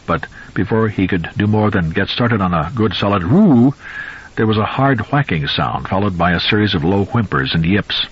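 A man reads a novel aloud in a measured, suspenseful way. His voice is deep and very husky, and the recording sounds slightly dull and lo-fi. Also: fairly bright tone. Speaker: audiobook narrator. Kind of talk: scripted novel narration.

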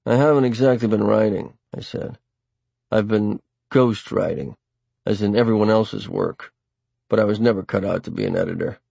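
A man reading a first-person novel aloud in a wry, dry, deliberate way. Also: lowish voice, sing-song, gravelly, a little mellow, no room sound, lo-fi sound. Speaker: audiobook narrator. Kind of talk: first-person audiobook narration.

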